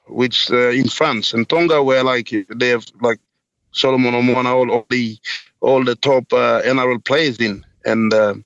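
A man from Papua New Guinea, a guest in a casual interview, talking haltingly with many fillers. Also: medium pitch, fairly bright tone, no echo, muffled recording.

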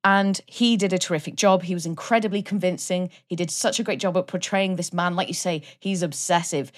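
Woman co-host, lower voice, chatty film talk. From Wales. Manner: chatty and enthusiastic, laughs often. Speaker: podcast co-host. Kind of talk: casual film review chat.

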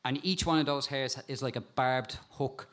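A man with an animated way of telling stories, a guest talking casually about insects and spiders and laughing at times. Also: mid-range voice, moderate pace. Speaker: guest, insect and frog expert. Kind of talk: casual storytelling chat.

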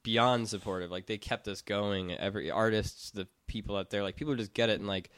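Young male podcast founder, smooth resonant voice, loose filler-heavy rambling. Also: fairly low pitch, fairly even intonation, fairly quick, fairly bright tone, dry recording. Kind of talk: casual podcast chat.

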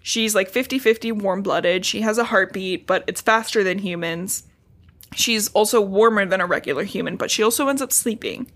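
A woman recapping a book on a podcast, sarcastic and profane, quickly acting out characters' lines. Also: medium pitch, a bit bright. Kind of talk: casual podcast chat, retelling a book with sarcastic asides.

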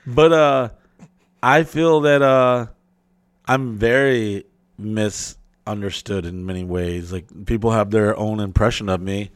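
A man's voice: on the low side, a little slow, no echo. A man hosting a podcast, telling rambling, profane stories in casual chat and acting out the people in them. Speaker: podcast host.

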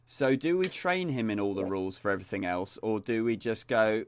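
A man's voice: lowish voice, brisk, clean tone, dry recording. A man co-hosting a casual chat, telling stories and joking with a laugh. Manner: jokey, storytelling, laughs often. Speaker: podcast co-host.

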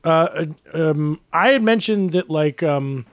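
A man co-hosting a casual podcast chat, telling a rambling, animated story full of fillers and restarts. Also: on the high side, a little slow, clean tone, dry recording, studio quality. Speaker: podcast co-host.

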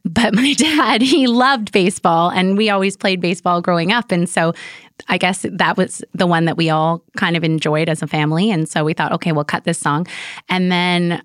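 Lively woman, lowish voice. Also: normal speed, no room sound, studio quality. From Canada. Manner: animated storyteller, laughs often. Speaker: guest singer. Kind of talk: casual interview chat.

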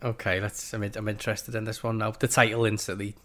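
A man's voice: fairly low pitch, brisk. A man with a slight cold, hosting a podcast and reading comic scripts aloud with frequent laughter. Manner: laughs often, relaxed.

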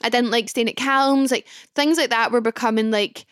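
Young woman, Glasgow accent, podcast host, chatty storytelling, comic exaggeration, higher voice, dry close sound. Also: steady tone, brisk, fairly bright tone, smooth, no echo. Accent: Scottish (Glasgow). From Scotland. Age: early 20s. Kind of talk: casual storytelling monologue.

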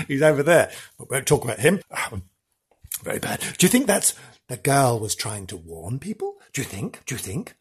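Bloke hosting a spooky comedy podcast, hammy and teasing, voice swoops all over, bit husky. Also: male voice, fairly high pitch, lively intonation, measured pace. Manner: theatrical, teasing, playful asides. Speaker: podcast host. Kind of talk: comic podcast storytelling.

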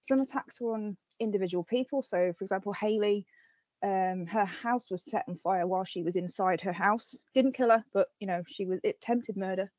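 A woman podcast host in casual chat, retelling a story with animated energy and plenty of fillers. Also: medium pitch, a little fast, no room sound, lo-fi sound.

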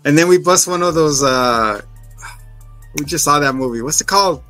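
A man's voice: fairly high pitch, normal speed, pushed and bright, faint music behind. A man co-hosting a podcast, recapping an episode in casual chat, joking and acting out scenes in silly voices. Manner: jokey, acts out scenes in voices, swears. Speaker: podcast co-host.

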